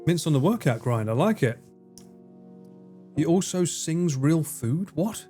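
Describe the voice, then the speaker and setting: A man chats casually through a gaming livestream. He jokes, swears freely and laughs easily, in a slightly high voice. Faint music plays behind him. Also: expressive, measured pace, dark tone. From United Kingdom.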